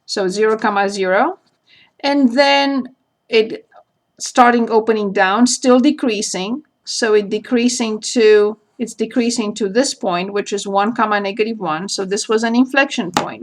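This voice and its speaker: Slow, deliberate woman teaching calculus. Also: mid-range voice. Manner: slow, deliberate, spells out points step by step. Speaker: math teacher. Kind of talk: recorded calculus lecture.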